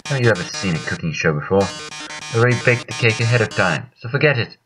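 A man's voice: lowish voice, animated, fast, music in the background, pitched above the performer's own voice, lightly acted. A man voicing a flamboyant male robot TV host with a fake British accent and a pompous, theatrical delivery. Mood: smug.

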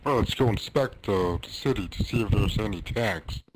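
A young man giving profane, loose commentary over his own gameplay, now and then breaking into shouting. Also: lowish voice, normal speed, rough recording. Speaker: gamer. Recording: loud background noise.

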